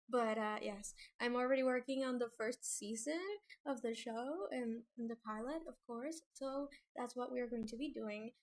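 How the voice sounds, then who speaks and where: A young woman talks through a casual livestream, nervous and prone to giggling, stumbling through fillers and restarts. Her voice sits a little high, and she takes her time between thoughts. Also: a little slow. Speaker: webcomic creator streaming.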